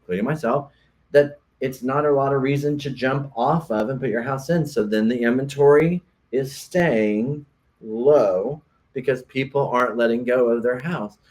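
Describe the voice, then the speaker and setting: A man's voice: mid-range voice, moderate pace, darkish tone. A man, a realtor, co-hosting a casual podcast chat, explaining earnestly and often restarting his sentences.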